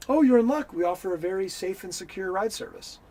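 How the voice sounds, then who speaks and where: Smooth, pushy male hustler as a storyteller puts him on; salesy and coaxing. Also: high voice, lively intonation, fast, warm tone, voice pushed up.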